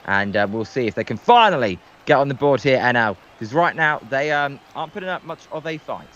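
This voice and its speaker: A man's voice: medium pitch, expressive, fairly quick, fairly bright tone, muffled recording, slight background noise. A man calling baseball play-by-play on a livestream, hesitant and full of filler ums. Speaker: guest play-by-play commentator.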